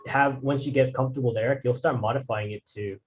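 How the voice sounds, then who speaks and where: A man's voice: mid-range voice, fairly even intonation, fast, a little hiss or hum. A man teaching drawing in a casual, rambling way, restarting sentences and using fillers. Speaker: art instructor.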